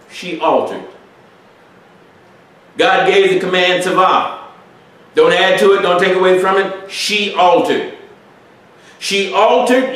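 Slow, echoey preacher man. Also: high-pitched. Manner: emphatic, rhetorical questions, wide swings in loudness. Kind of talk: expository sermon. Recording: echoey room, distant mic.

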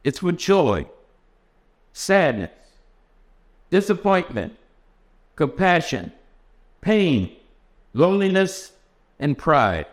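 A man's voice: fairly high pitch, sing-song, slow, long pauses, voice pushed up. A man reading the part of the Lord, an eager male creator, in an earnest, heightened way. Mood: tender.

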